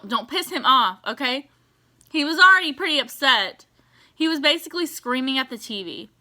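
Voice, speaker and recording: Bright-voiced woman ranting about TV. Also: high voice, moderate pace. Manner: animated, exasperated ranting with swearing. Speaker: TV reaction vlogger. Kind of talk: casual reaction commentary.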